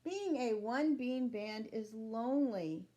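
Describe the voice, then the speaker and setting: A woman reading aloud and voicing a loud, eager, cheerful bean in a children's storybook. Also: fairly high pitch, measured pace, close to an everyday voice. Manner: bouncy, eager questions. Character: loud excitable musical bean, cheerful and chatty.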